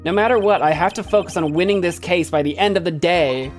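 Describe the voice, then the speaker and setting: A man voicing a young male defense attorney in a game, talking in a quick, flustered way. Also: high voice, soft background music, lightly acted.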